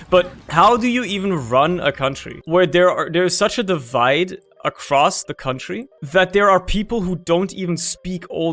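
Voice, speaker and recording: A man's voice: fairly high pitch, fairly bright tone. A young man who is a native German speaker, rambling through casual gameplay commentary and swearing offhandedly. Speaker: gaming channel host. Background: faint game music.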